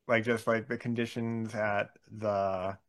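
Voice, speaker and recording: A man's voice: on the low side, little pitch movement, a bit bright, no echo. A man in casual conversation, speaking hesitantly with many fillers. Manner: slow, hesitant, lots of ums and likes. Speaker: podcast co-host. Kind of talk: casual chat.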